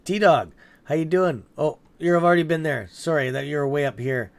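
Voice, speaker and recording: A man's voice: fairly high pitch, normal speed, vocal fry. A man hosting a live stock-trading stream, chatting casually, reacting to viewer comments and swearing openly when annoyed. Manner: chatty, reacts aloud to the chat. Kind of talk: casual livestream chat reading viewer comments.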